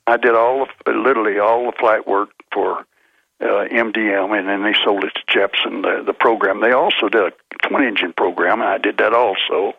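An older man with a Texan accent, calling in to a radio show and talking in a plainspoken, halting way over a phone line. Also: on the low side, steady tone, gravelly, no room sound. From Texas. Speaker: caller.

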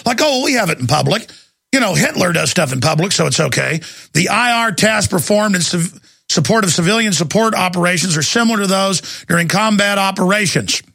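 Gravelly, intense talk radio host. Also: male voice, high voice, pushed and bright, no echo. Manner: intense, rapid, exclaiming, mocking quotes.

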